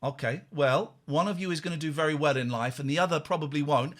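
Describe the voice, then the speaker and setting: A man's voice: a little high, quick pace, few pauses. A man hosting a late-night live phone-in show, chatting and joking with callers in a teasing way. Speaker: radio phone-in host. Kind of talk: casual live phone-in chat.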